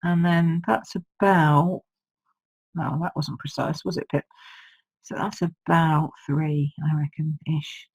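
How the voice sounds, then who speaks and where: A woman's voice: low-pitched, slow pace, a little mellow, breathy edge, rough recording. A woman with a sore throat, chatting through a live card-making demonstration and thinking aloud as she works. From United Kingdom. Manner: chatty, thinks aloud, reads viewer comments. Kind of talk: live-streamed craft demonstration.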